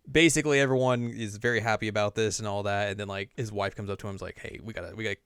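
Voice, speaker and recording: A man's voice: on the low side, fairly even intonation, fast, fairly bright tone, clean tone, dry recording, studio quality. A man co-hosting a podcast, casually recapping a game story in a rambling way with lots of "like" and laughs. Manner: rambling, full of "like" and laughs, acts out characters. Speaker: podcast co-host.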